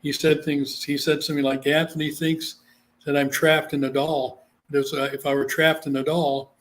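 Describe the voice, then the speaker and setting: A man's voice: fairly high pitch, moderate pace, a little hiss or hum. A man from Guam, a psychic medium, telling a story in a casual interview and acting out the voices he quotes. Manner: animated, acts out quoted voices.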